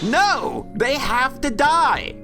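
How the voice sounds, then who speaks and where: A woman's voice: high voice, lively intonation, extremely slow, voice pushed up, full character voice. A woman voicing a hotheaded, defiant teenage girl in a game. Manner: defiant, blunt. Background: game music.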